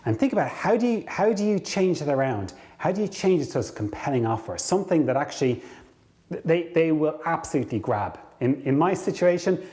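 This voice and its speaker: A man coaching viewers on career ideas, telling a story to camera, acting out bits of dialogue and slowing down to stress key points. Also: on the high side. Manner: lively storyteller, acts out dialogue.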